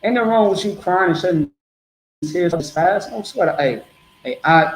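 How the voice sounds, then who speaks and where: A man's voice: a little high, expressive, moderate pace, reverberant, a little hiss or hum, rough recording. A man preaching bluntly to a group in a streetwise, repetitive way.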